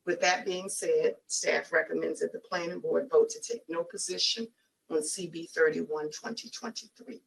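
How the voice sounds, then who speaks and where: Woman giving staff report on a call, raspy gravelly voice, lowish, sounds a bit far from the mic. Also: fairly even intonation, normal speed. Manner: reads report with small stumbles and uhs. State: raspy voice from morning. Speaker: planning staff presenter. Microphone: virtual call.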